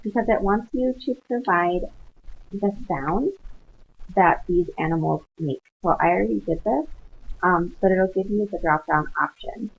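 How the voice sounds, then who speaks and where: A woman with a lowish, slightly rough voice takes an unhurried approach as she screen-shares online coursework, patiently showing students through it. She's a Spanish instructor who mixes Spanish words into English, recorded in tinny, phone-like lo-fi sound.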